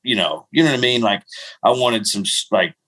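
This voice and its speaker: Middle-aged guy, lowish voice, rambly self-mocking storyteller, laughs a lot. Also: animated, a little fast, sharp tone. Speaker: podcast co-host. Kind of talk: casual storytelling chat.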